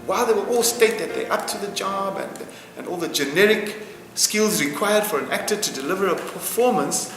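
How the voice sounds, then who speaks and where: A brisk, expressive, high-pitched man with a fairly bright tone answers an interview passionately, hardly stopping for breath. He leans on emphasis and repeated phrases to make his case, recorded in a spacious, reverberant hall with faint music behind him.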